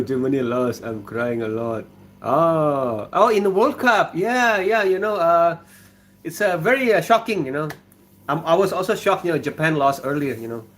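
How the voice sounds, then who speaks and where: Relaxed Indonesian man chatting on a livestream. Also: a little high, a little hiss or hum. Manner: relaxed, halting, reads viewer comments aloud. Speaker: livestream host. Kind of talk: casual livestream chat. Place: kitchen.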